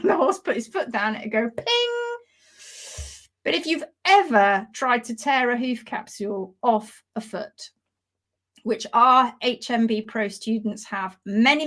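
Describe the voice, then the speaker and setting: A woman teaching hoof care in a live demonstration, explaining with animated, playful storytelling. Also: a little high.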